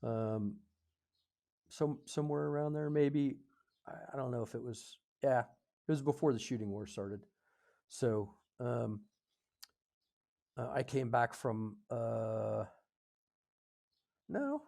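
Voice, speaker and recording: A man in his fifties from the United States, a podcast guest telling a story in a loose, conversational way. He hesitates often, filling gaps with ums and correcting himself mid-sentence. His voice sits at an ordinary middle pitch for a man. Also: animated, creaky, warm tone. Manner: halting, full of fillers and self-corrections. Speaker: podcast guest, retired Air Force officer.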